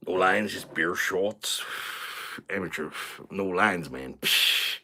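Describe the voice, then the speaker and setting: A man's voice: deep voice, takes it slowly, pushed and bright, heavily acted. A British man putting on a crude, cocky American character with a put-on American accent, swaggering and vulgar on a live stream. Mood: boastful.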